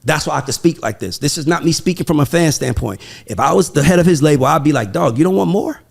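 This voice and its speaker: A man hosting a podcast in casual chat, talking in an animated, emphatic, profane way. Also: fairly high pitch, fast, creaky. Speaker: podcast host.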